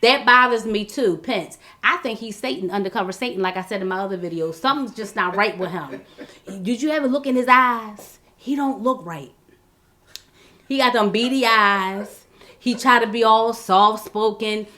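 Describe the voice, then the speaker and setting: A woman's voice: on the high side, moderate pace, bright, forceful tone. A woman hosting her own channel, giving blunt, exasperated political commentary in casual talk, with many restarts and repeated words. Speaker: vlog host.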